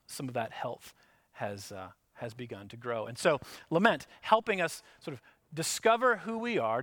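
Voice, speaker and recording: A man preaching a reflective sermon, reading psalm verses aloud slowly and earnestly between plain explanations. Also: medium pitch, a bit bright, dry recording. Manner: reflective, earnest, reads scripture aloud with slow emphasis. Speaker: pastor.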